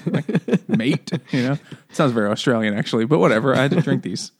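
A man's voice: mid-range voice, lively intonation, fast, slightly rough. A man co-hosting a podcast in casual chat, rambling and joking with lots of fillers and frequent laughs. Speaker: podcast co-host.

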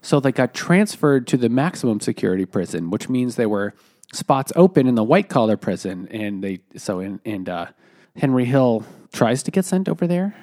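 A man co-hosting a podcast, telling stories in an animated, sarcastic way. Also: mid-range voice, normal speed, no room sound, clean studio sound. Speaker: podcast co-host. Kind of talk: casual chat.

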